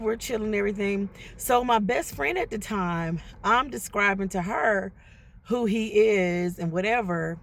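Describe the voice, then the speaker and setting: Speaking at a medium pitch with some vocal fry, a woman tells her viewers a personal story in a relaxed, chatty manner. She talks to them directly and acts out the voices of the other people involved.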